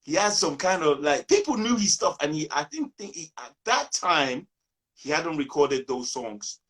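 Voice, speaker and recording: A man from Nigeria, a musician guest in a casual interview, telling lively stories and acting out quotes. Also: on the high side, moderate pace.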